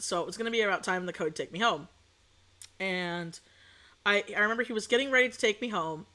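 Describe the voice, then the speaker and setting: A woman's voice: mid-range voice, bright, forceful tone. A young adult woman telling a story in a casual, chatty way as a streamer. She swears freely and acts out what people said. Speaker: VTuber streamer.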